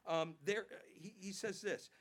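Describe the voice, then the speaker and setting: High-voiced male pastor preaching animatedly. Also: measured pace. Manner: animated preaching, acting out quotes, repeats words. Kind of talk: sermon.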